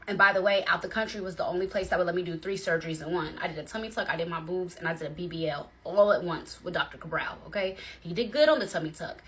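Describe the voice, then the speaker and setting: A young adult woman telling a personal story to viewers in a chatty, animated way. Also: on the low side. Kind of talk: casual storytime chat. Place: bedroom.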